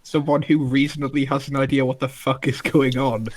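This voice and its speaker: A man's voice: mid-range voice, level tone, brisk. A man playing a tabletop game, reasoning things out in an eager way. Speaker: player.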